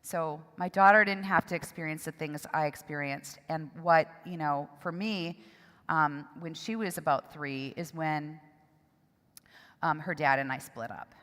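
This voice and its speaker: A middle-aged woman gives a personal testimony at a church seminar. Her voice sits fairly low, and she speaks emotionally, haltingly, with pauses and restarts. The sound rings with a long reverb from a church hall. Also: a bit bright.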